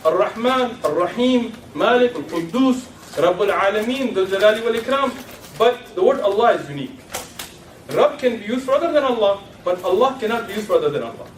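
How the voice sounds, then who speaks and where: Guy lecturing a room, firing off questions and ribbing the crowd, really high voice, echoey hall, faint hiss. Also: big pitch swings, brisk, recorded from a distance. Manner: rhetorical questions, teases the audience. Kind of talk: lecture to an audience.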